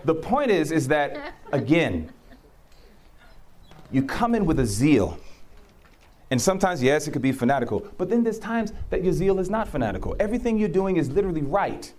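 A man's voice: a little high, moderate pace, pauses often. A man preaching and telling stories from his own life, acting out what people said and laughing often. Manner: animated storyteller who acts out quotes. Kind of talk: testimony in conversation.

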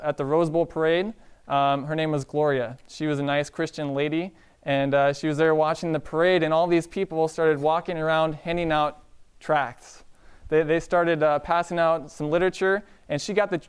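A man preaching a sermon in a relaxed storytelling way, often asking the congregation "Amen?". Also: fairly high pitch, smooth. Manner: conversational, calls out "Amen?" to the congregation.

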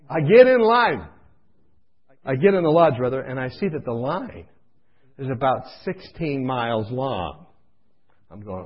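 A man preaching through a comic personal story, animated and acting out scenes, in a dull lo-fi recording. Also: medium pitch, unhurried, pauses often, husky. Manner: animated, comic, acts out voices.

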